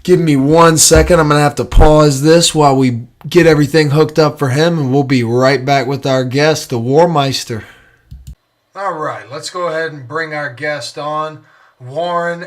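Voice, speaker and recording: Rambling young man hosting a podcast. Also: fairly high pitch. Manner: rambling, joking, self-mocking. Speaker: podcast host. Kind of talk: casual podcast talk and ad reads.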